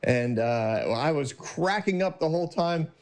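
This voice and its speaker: A man's voice: on the high side, lively intonation, a little slow, darkish tone. A man hosting his own podcast, telling a personal story in a casual, cheerful way, laughing often and acting out the people he quotes. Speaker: podcast host.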